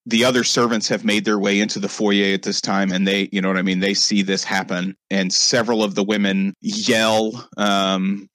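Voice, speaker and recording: Low-voiced rambling male game master. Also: level tone, moderate pace, few pauses, a bit bright, no echo. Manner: rambling, many fillers. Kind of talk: narrating a tabletop game.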